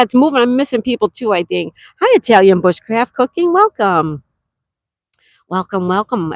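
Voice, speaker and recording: A chatty woman hosts a relaxed livestream from a campsite cabin, greeting each viewer by name. Her voice sits at an ordinary middle pitch, and the sound is dry and close with little room echo. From Western New York. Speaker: livestream host. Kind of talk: casual live chat, reading comments aloud.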